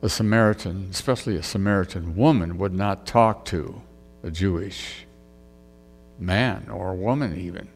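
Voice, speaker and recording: A low, gravelly male voice speaking very slowly and thoughtfully. He reflects aloud in a relaxed sermon, and his voice trails off into a long hall reverb. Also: slight background noise. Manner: reflective storytelling, musing aloud. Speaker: preacher. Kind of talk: conversational sermon.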